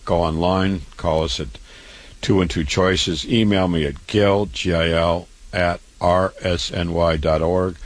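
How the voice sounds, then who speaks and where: A male doctor speaks a little slowly in a low voice with fairly even intonation. He is giving a promotional talk on health and his clinic, repeating himself and listing item after item.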